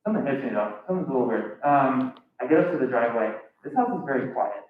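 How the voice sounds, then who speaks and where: A man's voice: medium pitch, animated, fast talker. A young man doing a stand-up set as a student comic, telling a long rambling story and acting out the people in it. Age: young adult. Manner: acts out quoted voices, rambling and self-correcting. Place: live comedy stage. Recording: echoey muffled room recording from far off, noisy.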